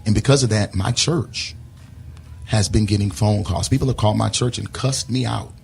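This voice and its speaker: A middle-aged man, a bishop, answering interview questions in a measured, conciliatory way. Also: fairly low pitch, creaky, a little mellow, soft background music. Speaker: bishop and pastor.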